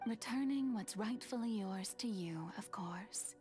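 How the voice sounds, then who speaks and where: An actress voicing an ancient, scheming goddess in game cutscene dialogue, speaking slowly in a soft, confiding, measured way. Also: female voice, medium pitch, soft background music, close to an everyday voice. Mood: gentle. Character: ancient scheming female goddess, calm and wistful.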